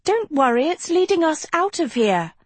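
A dramatic teenage girl with a high, swooping voice that leaps up and down, as a woman puts her on. She gushes and flatters theatrically, and the recording is close and completely dry. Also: normal speed, no room sound. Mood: urgent.

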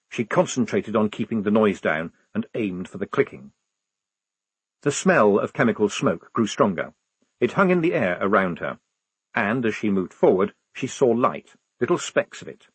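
A man narrating an audiobook with an expressive, varied delivery. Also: fairly low pitch, breathy edge, dry recording. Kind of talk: scripted narration.

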